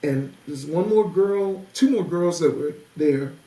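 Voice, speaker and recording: Older man, musician guest, vivid storyteller who does the voices; fairly high voice, echoey space. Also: measured pace. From New Jersey. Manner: animated storyteller, acts out quoted voices. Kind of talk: interview storytelling. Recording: roomy with faint noise.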